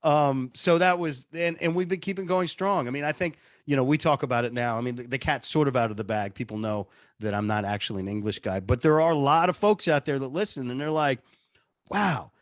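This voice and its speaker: A man's voice: mid-range voice, fast talker, few pauses, no echo, clean studio sound. A man, a radio producer, telling stories casually in an interview, chatty and self-deprecating. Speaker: radio show producer and on-air personality.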